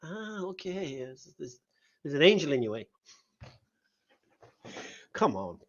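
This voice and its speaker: High-voiced sarcastic man. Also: takes it slowly, dull audio. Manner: animated, mocking, sarcastic storytelling. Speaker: host. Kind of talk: live call-in debate stream.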